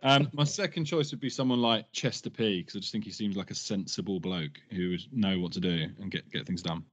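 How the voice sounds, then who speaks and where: A man's voice: lowish voice, fairly quick. A man hosting a casual hip hop podcast, rambling with fillers. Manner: laid-back, rambling with fillers. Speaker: podcast host. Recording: dull lo-fi sound.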